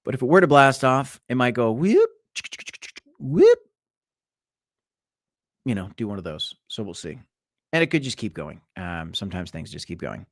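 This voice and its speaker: A young man hosting a casual crypto livestream, talking in a rambling, animated way that swings between loud and quiet. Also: fairly low pitch, a little fast. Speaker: crypto show host. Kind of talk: casual livestream market chat.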